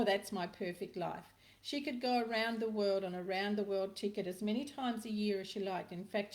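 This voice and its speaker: A woman's voice: medium pitch, darkish tone. Middle-aged woman, spiritual healer, live-stream host. Casual, storytelling, emphatic. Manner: chatty storyteller, addresses viewers by name, emphatic repetitions. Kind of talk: casual live-stream talk answering viewer comments.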